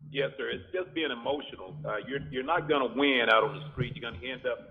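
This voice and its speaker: A man calling in by phone, giving measured advice as a lawyer. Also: medium pitch. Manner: measured, advising. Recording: tinny phone line.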